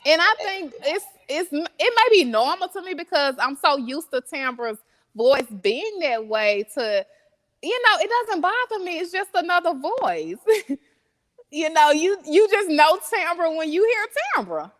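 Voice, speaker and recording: A woman as an interview guest, chatting casually, laughing often and answering slowly with fillers. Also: very high voice, animated. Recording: long reverb.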